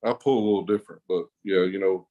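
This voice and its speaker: A man's voice: low-pitched, fast talker, highs cut off. A man with a drawl spins a casual story as a podcast guest. His talk is rambling and profane, full of laughter.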